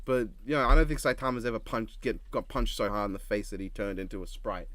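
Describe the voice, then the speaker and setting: A man's voice: fairly low pitch, steady tone, quick pace, a bit bright, no room sound. A man co-hosting a reaction video, chatting casually, joking and laughing often. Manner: laughs often, jokey impressions. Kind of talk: casual chat.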